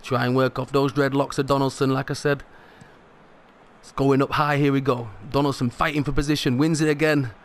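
A man commentating his own football video game match as he plays, excitable and rising sharply in pitch at big moments. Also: a little fast. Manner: excitable, rises sharply at goals. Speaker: gaming commentator.

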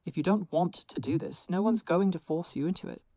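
A woman's voice: fairly low pitch, brisk, warm tone, no echo, studio quality. A woman voicing a sheepish young male supervillain who speaks in an apologetic, hesitant way.

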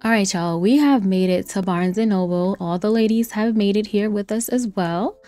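This streamer's mid-range voice is warm, clear, and resonant, at normal speed. Over faint lo-fi music, she gives casual, playful let's-play commentary, talking to viewers directly, ribbing the game characters, and laughing frequently.

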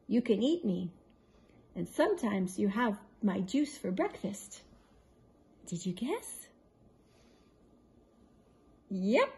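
Slow, gentle grandmother reading aloud. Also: medium pitch. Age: older. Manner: slow, gentle, playful quizzing with hums. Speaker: grandmother reading a picture book. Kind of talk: bedtime story reading to grandchildren.

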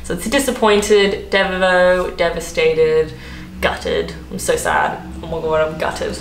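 An Australian woman vlogger with a fairly low voice speaks slowly but with lively intonation, explaining slang in a rambling, giggly way. The casual explainer has a roomy echo and faint background noise.

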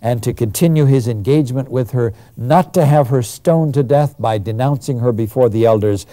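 A man giving a lecture on the New Testament, telling the story with animated emphasis. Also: on the low side, no echo.

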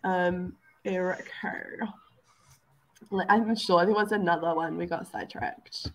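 A woman hosting a casual chat, upbeat and quick with questions, laughing often. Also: on the low side, fairly even intonation. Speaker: host.

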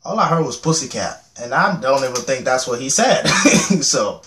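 A young man reacting to a music video, joking, swearing freely and getting loudly excited. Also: mid-range voice, moderate pace, slight background noise. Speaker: reaction channel host. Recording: echoey room with music playing. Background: music video playing loudly.

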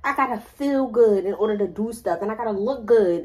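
A young woman chats to her camera, rambling through her to-do list with plenty of fillers. She is slightly sick and has a bit of a cough. Her voice sits at a middle pitch. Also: normal speed, few pauses, a little mellow. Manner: rambling, fillers like "like", addresses viewers as y'all. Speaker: vlogger. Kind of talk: casual chat to camera.

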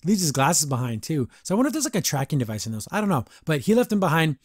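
A young man hosting a podcast, rambling excitedly through a casual episode review. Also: a little high, racing, slightly rough, no echo, clean studio sound. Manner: excitable, rambling fan talk. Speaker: podcast host.

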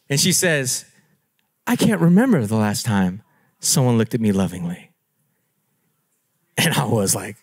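High, lively-voiced man preaching. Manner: animated, playful, laughing at himself. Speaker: pastor. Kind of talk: storytelling sermon.

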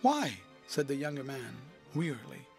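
A male audiobook narrator reads a classic novel in a measured, even way. His voice sits fairly high for a man, and soft music plays faintly behind him. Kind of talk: scripted narration.

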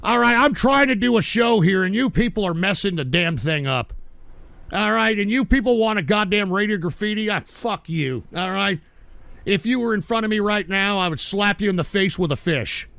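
A man's voice: sits high, normal speed, creaky, a bit bright, dry recording. A man hosting a live stream, reading out donations and ranting angrily with lots of swearing. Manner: angry, profane ranting. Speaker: livestream host.

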